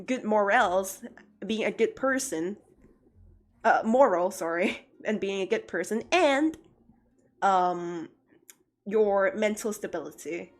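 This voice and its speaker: A young woman chats casually on her art livestream, mid-pitched and animated. She laughs often and breaks into lively rants. Faint music plays underneath. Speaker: art streamer.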